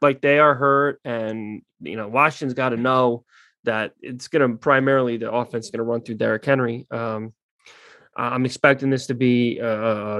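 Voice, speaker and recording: A man's voice: mid-range voice, a bit bright, no room sound. A man ranting bluntly in casual sports talk, swearing freely and getting heated. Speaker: podcast co-host.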